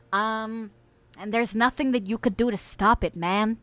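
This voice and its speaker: A young woman streamer playing a mock preacher, reading her chat's verdicts aloud with swearing, laughter and loud exclamations. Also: mid-range voice, takes it slowly, no echo, soft background music. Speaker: streamer hosting a mock confession segment. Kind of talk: playful mock-sermon, reading chat aloud.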